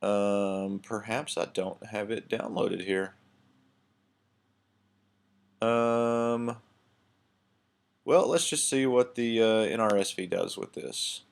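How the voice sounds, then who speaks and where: A man giving a casual recorded lesson on a Bible passage, thinking aloud with many pauses, fillers and restarts. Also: fairly low pitch, gravelly. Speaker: Bible teacher. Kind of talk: screen-share lecture on Hebrew text.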